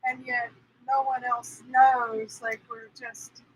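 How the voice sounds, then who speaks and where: A woman's voice: fairly high pitch, level tone, breathy edge, low-quality recording. A woman co-hosting a spiritual live stream, thinking back on a story in a reflective, casual way and trailing off mid-thought. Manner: reflective, trailing off into long pauses.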